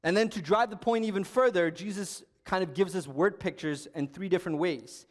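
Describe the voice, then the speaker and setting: A man's voice: high-pitched, a little fast, big-room sound. A young adult man giving a sermon as a youth pastor, telling a story in a conversational way with bursts of emphasis.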